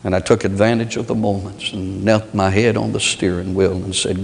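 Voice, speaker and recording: Gravelly preacher in a reverberant hall. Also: male voice, level tone, a little hiss or hum. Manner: swings from low, slow reflection to high, pleading rhetorical questions. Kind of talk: sermon.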